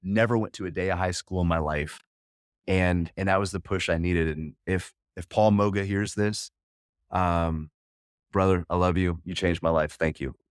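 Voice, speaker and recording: A man's voice: low-pitched, fairly even intonation, normal speed, clean tone, dry recording, clean studio sound. A man in his forties, a podcast guest and coach, telling a personal story in an earnest, candid way with frequent restarts.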